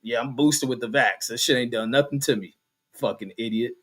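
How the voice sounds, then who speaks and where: A middle-aged host with a mid-range, slightly bright voice talks briskly while reading viewer comments from his live stream. He answers them in an angry, combative rant thick with profanity and slangy street talk.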